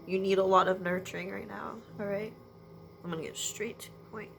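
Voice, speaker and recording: A woman giving a spiritual energy reading to viewers at home, speaking in a halting way with sighs and apologetic asides. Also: mid-range voice, steady tone, vocal fry, a bit bright. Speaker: intuitive energy reader. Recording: noisy background ambience.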